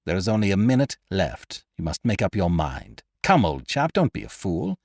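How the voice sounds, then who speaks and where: A man voicing a menacing, misshapen male clerk turned crook, with gruff, mocking threats. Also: low voice, wildly swooping pitch, normal speed, darkish tone, dry recording, studio quality, exaggerated voice. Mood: threatening.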